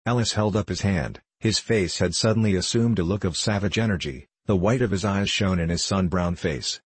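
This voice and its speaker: A man narrating an adventure novel in a measured storytelling manner. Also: low voice, husky, no room sound. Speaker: audiobook narrator. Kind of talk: scripted narration.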